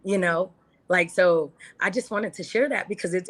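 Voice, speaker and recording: A podcast guest, a woman with a lowish voice, talks candidly at a normal speed during an interview. She sounds earnest and heartfelt, repeating phrases to drive her points home.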